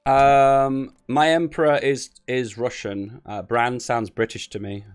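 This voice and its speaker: A man's voice: medium pitch, fairly even intonation, a little slow, clear, resonant tone. A man giving casual live commentary on a strategy game tournament, thinking aloud and wandering into rambling asides. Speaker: streamer casting a game tournament.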